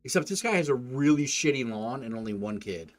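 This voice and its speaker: A man's voice: mid-range voice, big pitch swings, a little fast. A man playing through a dating game, reading its text aloud and swearing through sarcastic asides. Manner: crude, profane, sarcastic asides. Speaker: gamer. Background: soft game music.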